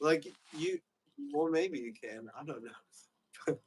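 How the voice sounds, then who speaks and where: A man's voice: fairly high pitch, huge pitch swings, takes it slowly, a crowd in the background, poor audio. A young man hosting a livestream, rambling loosely in casual chat with lots of fillers. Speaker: livestream host.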